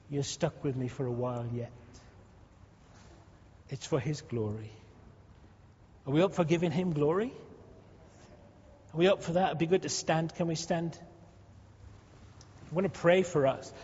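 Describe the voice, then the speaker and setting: A man leads his congregation in prayer, stacking fervent, repeated requests. His voice sits high. The sound is dull and hangs in a long church-hall reverb. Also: darkish tone, a little hiss or hum. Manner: fervent, repetitive, rising pleas. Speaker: pastor.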